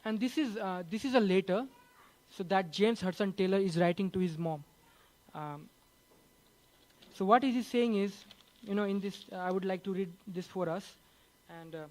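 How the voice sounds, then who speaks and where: Guy preaching in a church, fairly high voice, chatty with lots of "you know". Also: a little mellow, poor audio. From Nepal. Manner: conversational, leans on "you know" fillers; slow, earnest reading of a quoted letter. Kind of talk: sermon.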